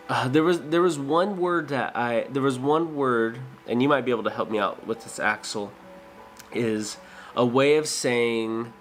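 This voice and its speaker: A man's voice: on the low side, fairly bright tone. A man chatting casually with his stream viewers, hesitant and full of fillers and restarts. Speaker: streamer and dental worker.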